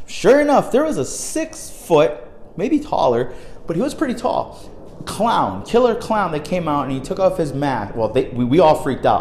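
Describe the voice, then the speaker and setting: A young man telling a personal story in a casual, profane, animated way, dropping low and then bursting into loud exclamations. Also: moderate pace, echoey room, slight background noise.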